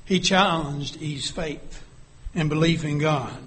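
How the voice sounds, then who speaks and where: Slow, deliberate male preacher. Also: a little high. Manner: deliberate, drops to a hush for vivid scenes, rises when reading scripture. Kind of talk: sermon.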